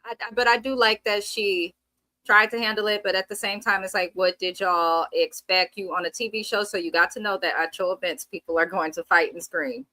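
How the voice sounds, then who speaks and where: Brief: outspoken woman co-host, bright voice, close and dry. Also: mid-range voice, steady tone, brisk, dry recording, low-quality recording. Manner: blunt, opinionated, swears freely. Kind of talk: casual TV recap chat.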